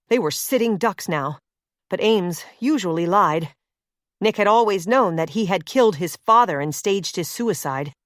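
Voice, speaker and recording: A woman reading a suspense novel as audiobook narrator, in a steady, measured way. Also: medium pitch, no room sound, clean studio sound.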